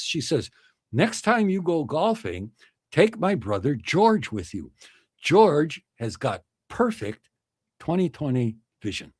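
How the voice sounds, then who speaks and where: Middle-aged male streamer, lively pitch, slightly husky, dry close sound. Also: slow pace, dry recording. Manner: chuckling, acts out joke voices with big pitch swings. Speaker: livestream host. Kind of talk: casual chat, reading viewer comments and telling jokes.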